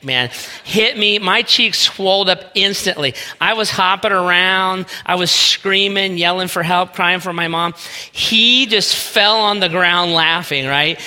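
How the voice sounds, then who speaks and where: This man's voice is high and bright, with a forceful edge. He's a pastor in his forties from Northeast Ohio, preaching a homey sermon that pokes fun at himself and weaves in a personal story, all in a sanctuary with long hall reverb.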